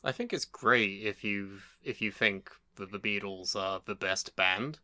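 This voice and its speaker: Deadpan man with a crisp, bright voice. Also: fairly low pitch, measured pace, no echo. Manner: dry, deadpan humor. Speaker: podcast co-host. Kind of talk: casual chat.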